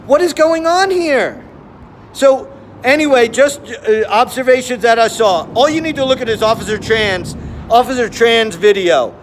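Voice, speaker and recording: A man's voice: very high-pitched, a bit bright, a little hiss or hum. A man giving live-stream commentary, incredulous and firing off repeated questions.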